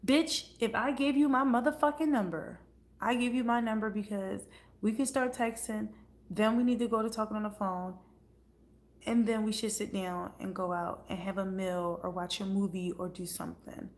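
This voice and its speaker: A woman's voice: medium pitch, flat delivery, moderate pace. A woman chatting casually on a livestream, blunt and profane. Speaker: livestream host.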